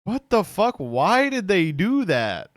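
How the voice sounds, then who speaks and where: A man's voice: sits high, no echo, clean studio sound. A young man streaming, giving sardonic, incredulous reaction commentary with laughing asides.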